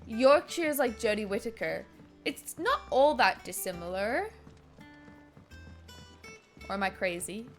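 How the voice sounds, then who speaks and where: A woman's voice: fairly high pitch, animated, a little slow, long pauses, faint music behind. A woman streaming a video game, chatting casually, laughing often and swearing as she reacts. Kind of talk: casual gaming commentary.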